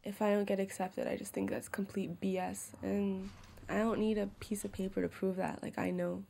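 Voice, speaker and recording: A woman's voice: mid-range voice, level tone, normal speed, gravelly, mellow. A young woman from Canada in a documentary interview, talking earnestly and casually with many fillers.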